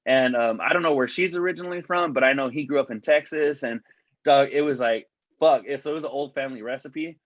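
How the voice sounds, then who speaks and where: On a casual podcast, a male co-host rambles through a story, cursing constantly and saying "dog" a lot. His voice sits at an ordinary middle pitch and runs a little fast. The recording is dry and dull with a lo-fi edge and no echo.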